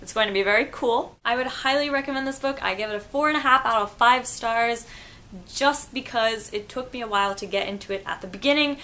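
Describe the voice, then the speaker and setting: A woman's voice: fairly high pitch, brisk, sharp tone. A young woman chatting enthusiastically in a casual book review vlog, musing aloud about the story.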